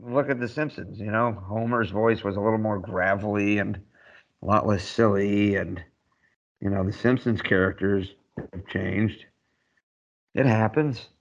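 Low-voiced man telling wry stories, muffled. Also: fairly even intonation, unhurried, gravelly. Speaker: podcast co-host and army veteran. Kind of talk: casual chat, anecdotal storytelling. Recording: dull, muffled lo-fi sound.

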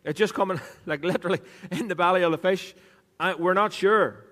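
Delivering a sermon on a mic, a pastor speaks briskly in a fairly bright voice that sits a little high for a man. His style is chatty and playful, with teasing asides to the congregation, and the hall gives everything a long echo.

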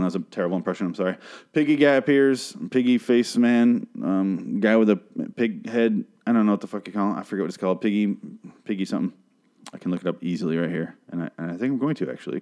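A man recapping a TV episode in a casual monologue, rambling and profane, breaking off to act out the characters' lines in animated voices. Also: low-pitched. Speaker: show recapper.

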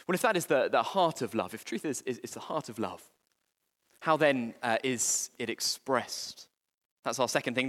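A man preaches a sermon in a slightly raised voice, earnest and a little halting as he restarts his phrases. His words ring out with a long reverb, as in a large church hall. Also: fairly high pitch, fairly bright tone.

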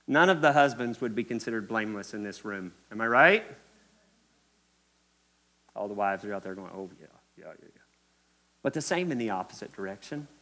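A pastor from Kentucky delivers a sermon in church with his Kentucky accent, his medium-pitched voice bright and sharp. He's emphatic and repetitive, speaking directly to the congregation.

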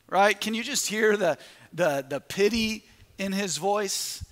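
High, bright-voiced preaching pastor. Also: male voice, moderate pace, in a large hall. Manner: preaching with rising emphasis and rhetorical questions. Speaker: lead pastor. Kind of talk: sermon.

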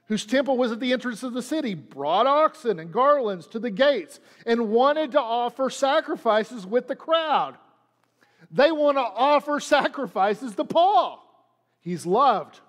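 A man's voice: sits high, in a large hall. A man preaching a sermon as pastor, repeating lines and leaning hard on them for emphasis. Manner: preaching with dramatic emphasis and repetition.

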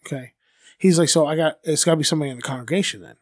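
A man's voice: fairly high pitch, rapid-fire, no room sound, clean studio sound. A man co-hosting a podcast, telling a true-crime story casually and crudely, with lots of fillers and acted-out quotes. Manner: loose, crude, full of fillers, acts out quoted people.

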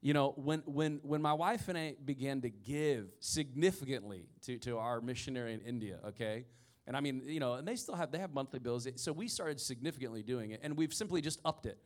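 A man's voice: mid-range voice, fairly quick. Impassioned male pastor preaching. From rural area of the country. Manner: impassioned preaching, swinging from hushed storytelling to loud emphatic peaks; frequent stammered restarts. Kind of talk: sermon.

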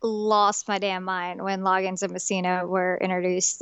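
A woman's voice: fairly low pitch, little pitch movement, normal speed, fairly bright tone, clear, resonant tone, no echo. A young woman co-hosting a podcast, chatting casually with many fillers and restarts. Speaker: podcast co-host. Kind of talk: casual chat.

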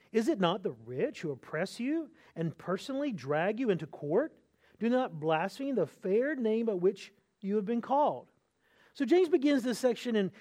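A man's voice: extremely high pitch, a little mellow. A man, a pastor, preaching an earnest expository sermon with emphatic, repeated phrases.

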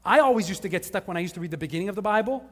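A man's voice: high voice, lively intonation, racing, big-room sound. A male pastor preaching a casual, conversational sermon to a live congregation, with joking asides. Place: church service before a live congregation.

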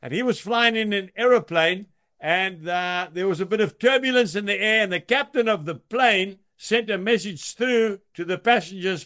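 High-pitched guy doing a daily devotional, tells little stories and chuckles. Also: moderate pace. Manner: warm storytelling with chuckles. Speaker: devotional speaker. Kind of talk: daily devotional talk with anecdotes.

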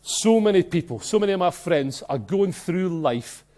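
A man with a Glasgow Scottish accent preaching a sermon in a church, emphatic and excitable, swinging between soft and loud. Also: high-pitched, normal speed. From Scotland. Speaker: pastor.

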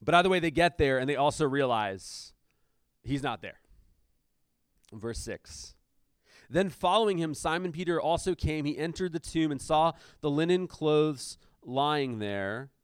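Smooth-voiced man preaching casually. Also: a little high, measured pace, no echo, studio quality. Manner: explains verses with casual asides and fillers; shifts between reading aloud and lively commentary. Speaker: pastor. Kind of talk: conversational sermon with scripture reading.

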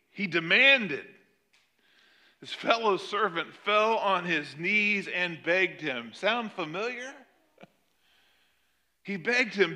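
A man preaching a sermon, retelling a parable with animated emphasis. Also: high voice, slow, long pauses. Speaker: pastor.

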